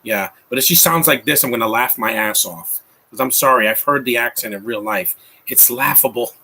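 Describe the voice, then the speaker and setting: A man's voice: medium pitch, fairly quick, sharp tone, slightly rough. A man in his thirties giving a rambling, mocking live commentary over a movie, with frequent restarts. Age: 30s. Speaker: film commentator.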